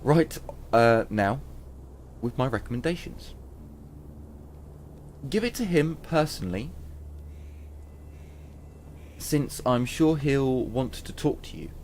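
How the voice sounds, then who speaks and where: A man's voice: medium pitch, big pitch swings, slow, long pauses, a little mellow, slight background noise. A man voicing a shrewd woman trading mushrooms, reading game dialogue aloud in a slightly raised voice. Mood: brisk.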